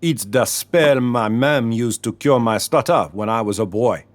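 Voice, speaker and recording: A man voicing a shopkeeper who talks in a showy Caribbean accent while making a smooth sales spiel. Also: mid-range voice, a little slow, no room sound, close to an everyday voice. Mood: smooth, salesy. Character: older male shopkeeper with put-on Caribbean patter.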